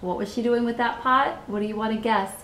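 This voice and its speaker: A woman reading a children's book aloud, pausing to comment and ask listeners questions in an expressive way. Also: a little high, slight background noise. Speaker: storybook reader. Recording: roomy echo.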